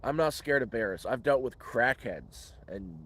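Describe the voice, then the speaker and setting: A man's voice: medium pitch, a bit bright, slightly rough. A man hosting a casual live question-and-answer stream outdoors in the woods, rambling and restarting words. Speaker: livestream host.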